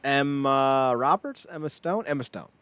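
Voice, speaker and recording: A man co-hosting a podcast, talking in a loose, rambling way with lots of laughter. His pitch swoops up and down as he tells stories. The sound is dry and close, with no room echo. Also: lively intonation, unhurried, fairly bright tone, clear, resonant tone. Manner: rambling, laughs often, acts out quotes in voices. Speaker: podcast co-host. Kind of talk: casual chat.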